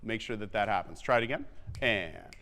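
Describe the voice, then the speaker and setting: Brisk man coaching a band, echoing theatre. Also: fairly low pitch, animated, pushed and bright. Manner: brisk, counts off and sings the rhythms. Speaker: wind band clinician. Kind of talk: rehearsal coaching. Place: theatre stage. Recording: long theatre reverb with faint band.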